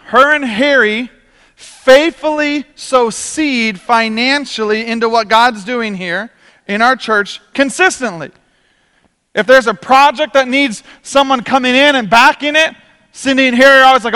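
A male pastor preaching a sermon from a church stage, telling stories with energy and quick repeats. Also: very high-pitched, sharp tone, clean tone, long reverb tail.

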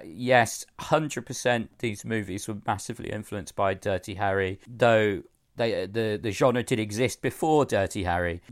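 A man's voice: lowish voice, dry recording, studio quality. A man co-hosting a film podcast, chatting in a hesitant way with plenty of fillers. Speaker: podcast co-host. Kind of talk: casual chat about films.

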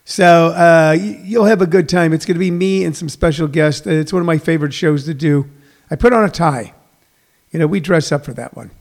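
A man's voice: on the high side, fairly quick. A middle-aged man hosting a comedy podcast in a rambling, self-correcting way, full of fillers. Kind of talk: casual solo radio-style show.

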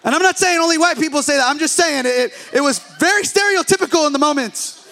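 A young man preaching as a pastor, telling a story in an animated, self-deprecating way and joking with his listeners. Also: very high voice, fast, gravelly, a little hiss or hum. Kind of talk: humorous storytelling sermon.

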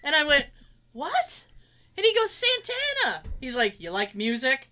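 A woman's voice: high-pitched, fast, a little hiss or hum. A woman chatting casually, telling a story with lots of swearing and acting out what others said. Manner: animated, swears freely, acts out others' lines.

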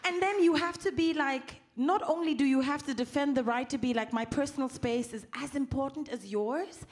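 High-voiced woman moderating a panel. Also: normal speed. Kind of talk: panel discussion storytelling.

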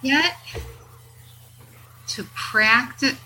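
Woman therapist host: bright, lively storyteller, casual swearing. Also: sits high, extremely slow, slight background noise, poor audio. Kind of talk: casual podcast chat.

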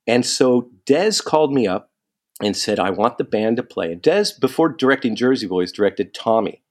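Animated man telling a story. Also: medium pitch, moderate pace. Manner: animated, quotes people in lively asides. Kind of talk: casual storytelling.

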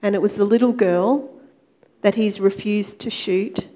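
Woman telling a testimony, mellow tone. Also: medium pitch, a little slow. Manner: conversational, animated retelling with quoted dialogue. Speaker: Christian speaker. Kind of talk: testimony storytelling sermon.

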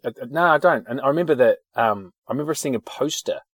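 A man's voice: mid-range voice, fast, fairly bright tone, dry recording, studio quality. A man telling rambling anecdotes in casual chat, with fillers and swearing. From New Zealand.

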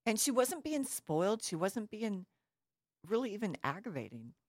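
A woman's voice: medium pitch, very animated, moderate pace, darkish tone, no room sound, studio quality. A woman giving an earnest, reflective talk, telling a personal story and asking the listener questions.

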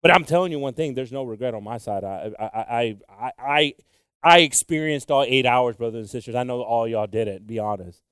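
A man preaching a sermon with passion, moving between loud exclamations and quiet, low asides. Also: a little fast, smooth, no echo, studio quality.

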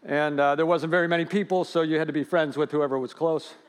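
A man preaching a sermon in an earnest way, swinging from loud stresses to hushed lines. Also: fairly high pitch, steady tone, fast. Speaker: pastor.

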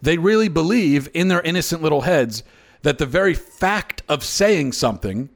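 A man's voice: fairly high pitch, expressive, normal speed, gravelly. A man in his thirties hosting an opinion monologue, exasperated and often stammering and restarting his sentences. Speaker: host.

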